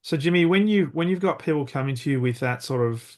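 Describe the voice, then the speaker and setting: A man's voice: a little high, lively intonation, brisk, a little mellow. A man hosting an interview podcast, asking long questions with frequent restarts. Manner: probing, with repeated restarts. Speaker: podcast host.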